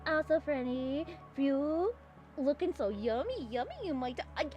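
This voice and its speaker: A young woman from California chatting casually with her viewers while drawing on stream, rambling, giggly and given to sudden excited squeals. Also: high-pitched, normal speed, highs cut off. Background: faint music.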